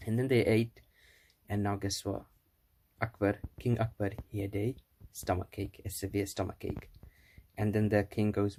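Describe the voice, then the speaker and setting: A man's voice: lowish voice, little pitch movement, moderate pace, pauses often, darkish tone. A man telling an old fable in a casual, rambling way, correcting himself as he goes. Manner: rambling, with restarts and self-corrections. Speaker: storyteller. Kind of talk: casual storytelling.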